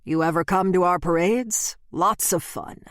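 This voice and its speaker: A woman's voice: fairly low pitch, a little slow, no room sound, studio quality, lightly acted. A woman voicing a brusque middle-aged businessman who answers in short, guarded lines, in an audiobook. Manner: curt and guarded. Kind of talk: audiobook character voice.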